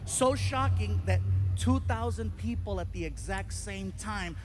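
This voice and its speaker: A male stand-up comedian telling a story on stage, animated and acting out the voices of the people in it. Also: sits high, unhurried, background noise.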